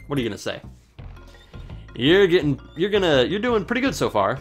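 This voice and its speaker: A man's voice: fairly high pitch, huge pitch swings, a little fast, long pauses, faint music behind. A man giving casual, sarcastic commentary while he plays a video game, joking and swearing at it. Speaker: let's play host.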